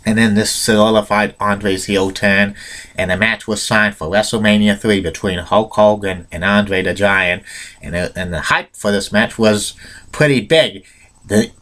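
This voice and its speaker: Bright, stumbling male storyteller. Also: on the low side. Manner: halting, with many restarts and fillers. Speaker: wrestling history video host. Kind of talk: casual retelling of events.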